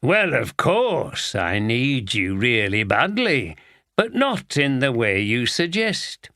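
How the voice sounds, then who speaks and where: A man's voice: mid-range voice, sing-song, takes it slowly, sharp tone, dry recording, clean studio sound, exaggerated voice. A man voicing a sleazy, smug police officer in an audiobook.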